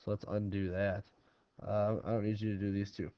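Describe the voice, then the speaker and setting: A man's voice: lowish voice, level tone, a little fast, no room sound. Casual male math teacher, dry lo-fi sound. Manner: casual, talks through problems step by step. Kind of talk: recorded classroom lesson. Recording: dry, slightly dull lo-fi recording.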